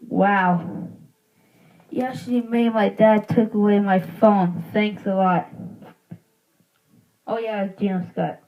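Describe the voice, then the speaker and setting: Slow, rambling woman vlogger. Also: mid-range voice, steady tone. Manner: rambling, playful. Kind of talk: casual vlog chat. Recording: dull lo-fi home recording.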